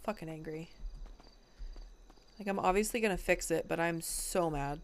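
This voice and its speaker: A woman's voice: lowish voice, moderate pace, slight background noise. A woman streamer talking in character during a game roleplay, frustrated and rambling, swearing often and full of fillers.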